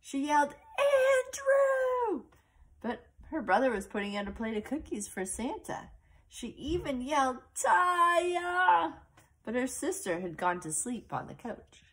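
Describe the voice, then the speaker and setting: A woman reading a picture book aloud to a child, slowly and expressively, with little asides about the pictures. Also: fairly high pitch, lively intonation, husky.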